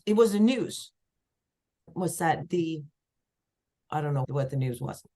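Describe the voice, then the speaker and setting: A woman from Sweden, a singer-songwriter guest telling lively stories in a casual podcast chat. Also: a little slow. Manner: lively storyteller, acts out quoted voices with big pitch jumps.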